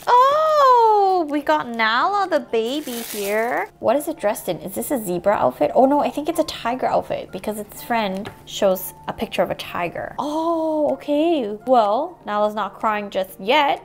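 High, bubbly woman unboxing toys. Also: animated, normal speed, gravelly, few pauses. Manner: bubbly, playful, gasps and giggles. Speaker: toy unboxing host. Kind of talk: casual unboxing narration.

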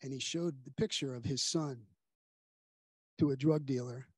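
A man preaching a sermon as a pastor, telling a story earnestly and dropping to a soft hush at its grave moments. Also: medium pitch, steady tone, unhurried, husky, no room sound. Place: church sanctuary.

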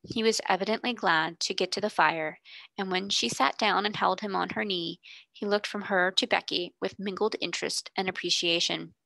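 A woman reading a classic children's story aloud in calm, measured narration. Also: mid-range voice, creaky, dry recording. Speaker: reader.

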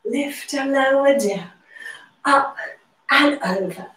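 A woman instructor guides a workout, cueing each move and counting reps at an unhurried pace, slightly out of breath. Her voice sits high. It sounds roomy and a little distant from the mic. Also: a bit bright. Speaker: pilates instructor.

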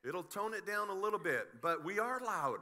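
Middle-aged male pastor, very bright voice, lively sermon with humorous asides. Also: high voice, moderate pace, slight background noise. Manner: animated, joking asides, frequent restarts. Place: church sanctuary.

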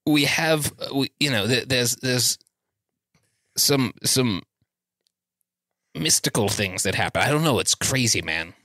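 A man's voice: mid-range voice, measured pace, long pauses, sharp tone, no echo. A man doing a bluffing fake-Australian inspector. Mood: blustering. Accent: put-on Australian slipping into British. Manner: rambling, stalling with fillers, talks the foreman down. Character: irritable male environmental inspector, blustering impostor.

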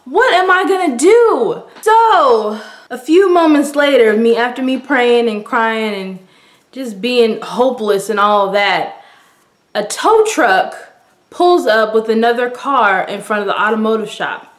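A woman's voice: on the high side, measured pace, roomy sound. A young woman telling a story-time vlog, dramatic and breathless, with "like" all over her speech. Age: young adult. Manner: breathless and dramatic, heavy use of "like". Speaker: vlogger.

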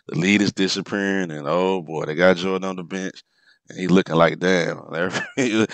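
A man giving casual, animated commentary over a basketball replay, exclaiming and reacting to each play. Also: low voice, clear, resonant tone, no room sound. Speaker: sports commentator.

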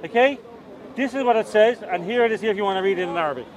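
A man's voice: high-pitched, racing. A man in a heated outdoor street debate, combative and repetitive, talking over his opponent. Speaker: Ahmadi debater. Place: outdoor public park. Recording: outdoor crowd close around.

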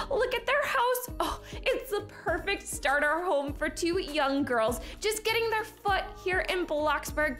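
Bubbly woman host narrating a game role-play; gasps often, lively and up-and-down pitch. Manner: gushing, excitable, gasping often. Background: background music.

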